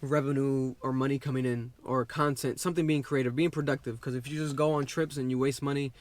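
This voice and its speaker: A man's voice: mid-range voice, flat delivery, quick pace, dry recording. A young man chatting casually as a vlog co-host, rambling and restarting his sentences. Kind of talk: casual chat.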